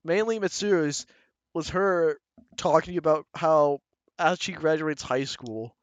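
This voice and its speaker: Picture a man with a slightly high voice chatting loosely on a podcast, swearing and rambling as he goes. He is close to the mic, and the sound is very dry and dull, like a cheap home recording. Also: unhurried, no room sound. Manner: crude, rambling, laughs often. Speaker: podcast co-host. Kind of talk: casual chat.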